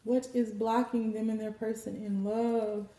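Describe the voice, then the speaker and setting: A woman's voice: a little high, little pitch movement, unhurried, dark tone, a little hiss or hum. A woman giving a tarot card reading, preachy and joking, with some profanity. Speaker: tarot reader. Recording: roomy echo.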